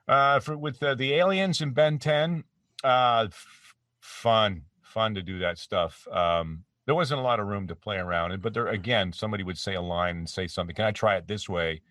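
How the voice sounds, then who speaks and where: Deep-voiced man rambling in a home studio. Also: normal speed, sharp tone, no room sound. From Canada. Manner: rambling and self-deprecating, many restarts. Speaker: voice actor guest. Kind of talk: casual interview chat. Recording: dry, slightly distant mic.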